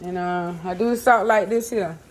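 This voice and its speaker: A woman's voice: mid-range voice, moderate pace, slight background noise. Chatty woman cooking at home. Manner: chatty, talks to viewers as y'all, many fillers. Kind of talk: casual kitchen vlog chat. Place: home kitchen.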